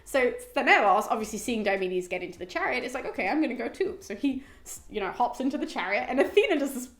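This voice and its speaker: A young woman giving a chatty, animated summary of a book as host, with lots of fillers. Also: a little high, fast. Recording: roomy echo.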